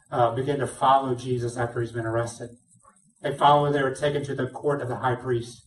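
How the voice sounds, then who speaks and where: A male pastor preaching a sermon, retelling a story with lively, acted-out dialogue. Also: medium pitch, recorded from a distance. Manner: animated storytelling, acts out dialogue. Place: church sanctuary. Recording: roomy sound, speaker away from mic.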